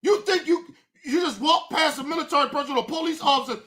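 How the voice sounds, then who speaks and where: This is a woman hosting a livestream rant, her voice high and bright. She speaks angrily, swears constantly, and often rises to a shout. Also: a little fast. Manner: angry, profane, often shouting. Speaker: streamer, show host.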